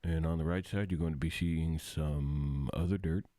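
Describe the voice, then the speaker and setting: Man playing an airline pilot, cabin announcement, mock-formal, very low voice, dry sound. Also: fairly even intonation, moderate pace, mellow, dry recording.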